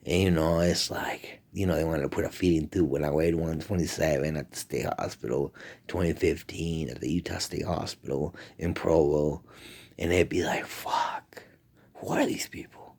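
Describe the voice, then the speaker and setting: A man's voice: rumbling low, fairly even intonation, moderate pace, vocal fry, darkish tone, breathy edge. A man talking in a rambling, profane monologue that often drops to a whisper. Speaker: vlogger.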